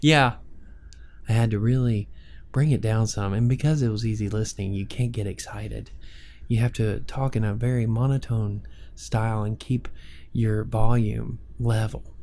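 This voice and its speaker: A man's voice: on the low side, fairly even intonation, moderate pace, darkish tone, a little hiss or hum. A man in his forties on a podcast, chatting casually and telling stories with frequent laughter. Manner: chatty storyteller who laughs often. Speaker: podcast co-host. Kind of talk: casual chat.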